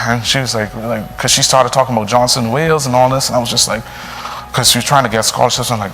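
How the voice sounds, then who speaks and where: Earnest young priest. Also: male voice, medium pitch, a little fast. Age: young adult. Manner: earnest, animated with frequent fillers. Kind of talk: personal storytelling. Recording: long reverb, faint music.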